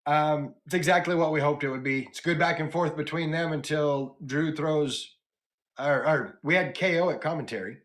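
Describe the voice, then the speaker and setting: A man hosting a casual wrestling podcast, animatedly retelling match highlights and chatting with his co-hosts. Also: moderate pace, a bit bright. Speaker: podcast host. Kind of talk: casual wrestling recap chat.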